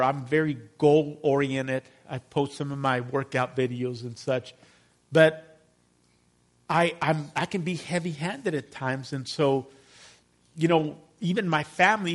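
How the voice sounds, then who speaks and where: A middle-aged man preaching a sermon as pastor, conversational, often asking the congregation to agree with him. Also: fairly high pitch. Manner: conversational, addresses congregation with call-and-response questions.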